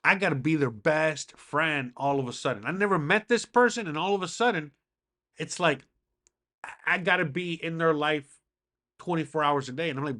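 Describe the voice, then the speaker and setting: A man's voice: fairly high pitch, lively intonation, normal speed, pushed and bright. A man hosting a podcast in a casual monologue, rambling and swearing, with lots of fillers. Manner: rambling, profane, heavy on fillers. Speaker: podcast host.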